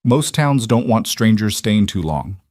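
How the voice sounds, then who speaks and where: A man's voice: lowish voice, animated, a little mellow, no echo, studio quality. A man doing a guarded young woman drifter. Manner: careful, measured.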